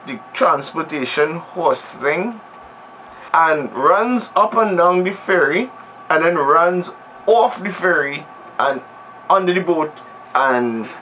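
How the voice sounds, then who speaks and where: A man's voice: fairly high pitch, pushed and bright, a little hiss or hum, poor audio. A man giving a comedic movie recap, rambling and sarcastic, often cutting himself off mid-sentence. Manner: rambling, sarcastic, self-interrupting. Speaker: movie reviewer.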